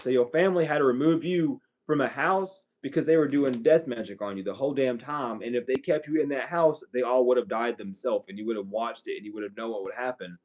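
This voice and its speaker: A man's voice: medium pitch, brisk, few pauses, a little mellow. A man giving a blunt, profane, ranting spiritual reading to his viewers as an online psychic reader.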